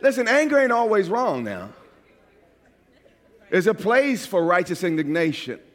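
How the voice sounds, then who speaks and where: A man from New York preaching a sermon as a pastor, animated and at times shouting. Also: sits high, a little slow, big-room sound, a faint crowd.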